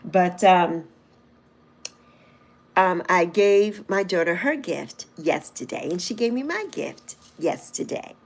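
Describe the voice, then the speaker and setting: Lively, teasing woman in her sixties. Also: fairly low pitch, slow. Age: 60s. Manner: playful, teasing, laughs often; reads and answers live chat comments. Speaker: livestream host. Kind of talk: casual livestream chat with viewers.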